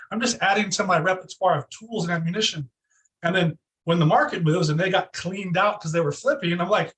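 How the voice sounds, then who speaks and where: A man with a high, bright speaking voice tells stories in an interview. He is animated and keeps slipping into exaggerated voices to act out quotes. He sits a bit back from the microphone. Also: brisk, far from the mic, rough recording. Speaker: real estate team leader, guest. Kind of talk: energetic storytelling interview.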